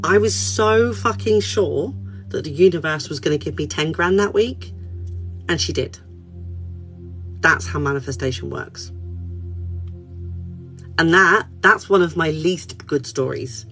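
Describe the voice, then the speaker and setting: Brief: woman counsellor on a phone livestream, lively casual talker, soft music faint behind. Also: low-pitched, a little slow, pauses often, low-quality recording. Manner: animated, chatty, swears casually. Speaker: spiritual counsellor. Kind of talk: casual livestream chat and storytelling. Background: soft background music.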